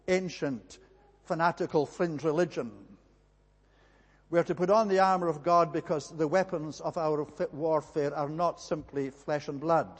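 A man preaching a sermon earnestly, with emphatic repetition. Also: a little high. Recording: long hall reverb.

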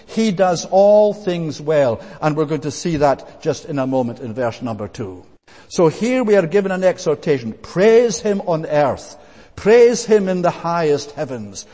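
A man's voice: a little high, a little mellow. Earnest man preaching in a reverberant hall. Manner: earnest and emphatic, repeating phrases. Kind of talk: sermon.

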